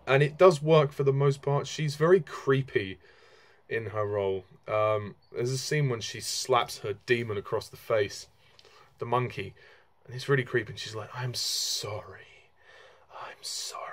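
A young man talking casually through a film review, frank and rambling, with lots of fillers and restarts. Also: mid-range voice.

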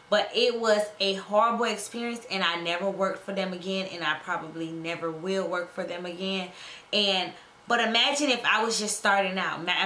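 Woman, sassy vlogger, emphatic advice, bright tone, echoey room, faint hiss. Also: mid-range voice. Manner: sassy, emphatic, addresses viewers as girl and honey. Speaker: travel nurse vlogger. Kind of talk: casual advice vlog.

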